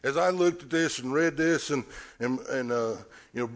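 A man's voice: medium pitch, normal speed. A man preaching a sermon, telling the story with animation and acting out scenes.

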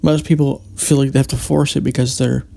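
Male podcast host, deep fry in the voice, soft warm tone, musing solo talk full of restarts. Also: level tone, brisk. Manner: meandering, many restarts and hesitations. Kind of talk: reflective solo monologue.

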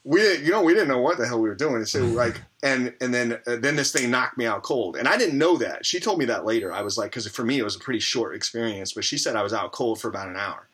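A man's voice: medium pitch, expressive, fast talker, few pauses, a bit bright, breathy edge. A man as an interview guest, telling a candid personal story in a rambling way, full of fillers and restarts.

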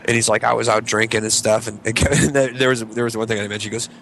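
Man, casual storyteller, animated voice, faint background hiss. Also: fast, vocal fry. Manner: animated, acts out quoted friends in high voices. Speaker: podcast co-host.

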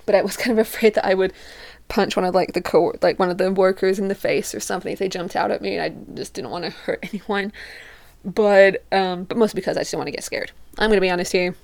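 A young woman telling a personal story in a casual, animated way, acting out what she and her friends said. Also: mid-range voice, fast talker, creaky. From living in Utah. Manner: animated, acts out her friends and herself in quoted voices.

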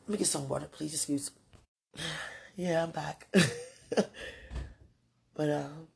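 Gravelly, husky-voiced woman. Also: low-pitched, a little slow, pauses often. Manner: chatty, laughs often, talks straight to the listener. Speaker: podcast host. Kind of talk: casual monologue addressed to a partner.

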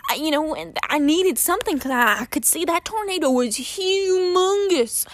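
A woman telling a personal story in a casual, animated way, often dramatizing her panic and laughing at herself. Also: high voice, normal speed, hardly any pauses, dry recording.

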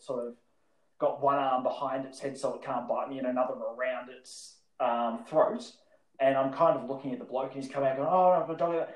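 A man with a mid-range, slightly mellow voice tells a story as a podcast guest, rambling casually with lots of fillers and frequent laughter. The recording has a roomy echo.

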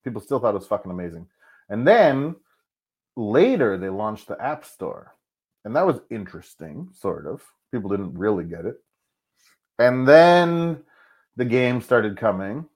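Candid, animated man, lively pitch. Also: measured pace, slightly rough. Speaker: guest. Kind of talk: casual interview talk.

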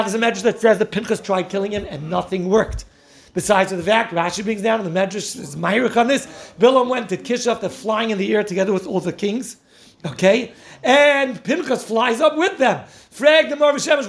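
High gravelly man telling Torah stories. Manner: animated storytelling, laughing often, mixing Yiddish and Hebrew terms. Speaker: Torah teacher. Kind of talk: lively Torah talk.

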